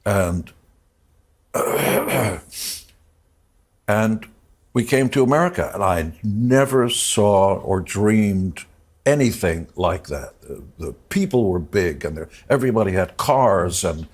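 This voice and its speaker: A man with a very deep, husky voice recounts a personal memory on a TV interview set. His delivery is reflective and halting, with moments where he gets choked up. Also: expressive. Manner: reflective, halting, moved to tears at times. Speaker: interview guest. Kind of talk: emotional personal storytelling.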